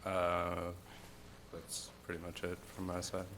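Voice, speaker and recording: A man on a zoning board answering slowly and wryly, with the hiccups. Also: sits low, completely flat delivery, fairly bright tone. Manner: slow, dry, wry. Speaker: board member.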